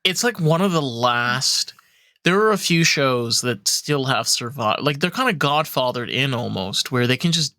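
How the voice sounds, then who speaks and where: Bright-voiced young man telling stories. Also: mid-range voice, moderate pace, no echo, clean studio sound. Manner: animated storyteller, swears freely, many fillers. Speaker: podcast host. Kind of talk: casual podcast chat.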